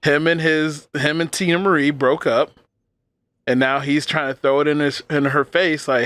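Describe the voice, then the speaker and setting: A man's voice: on the high side, steady tone, moderate pace, a bit bright, dry recording. A man co-hosting a podcast in casual chat, retelling stories loosely with frequent restarts. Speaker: podcast co-host.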